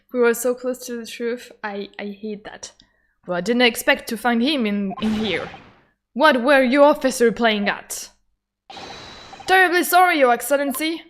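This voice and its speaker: A young woman streaming a game, reading dialogue aloud and reacting excitably with stammers and shrieks. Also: a little high, measured pace, long pauses. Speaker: gaming streamer. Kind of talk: let's play commentary with voiced lines.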